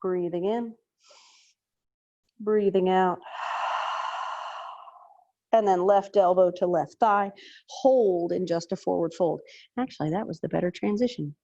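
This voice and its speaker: Yoga teacher, woman, unhurried delivery, guides chair poses on a video call, playful asides between cues. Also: lowish voice, warm tone, highs cut off. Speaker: yoga instructor.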